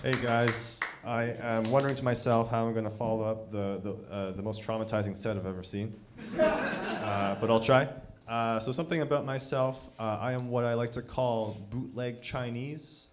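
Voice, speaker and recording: A man's voice: mid-range voice, normal speed, very noisy. A young man doing self-deprecating stand-up, hesitant with many filler sounds. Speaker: stand-up comedian. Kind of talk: stand-up comedy. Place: comedy club stage.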